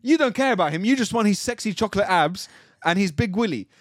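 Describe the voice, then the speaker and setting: A man in a casual podcast chat, his pitch swinging widely as he rants in playful mock outrage. The sound is close and dry, with no room around it. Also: animated, fast, no room sound. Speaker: podcast co-host.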